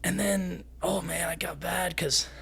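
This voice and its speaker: Young male fighter guest with a high voice, rambling and animated. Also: measured pace, vocal fry, slightly rough. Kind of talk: casual podcast chat.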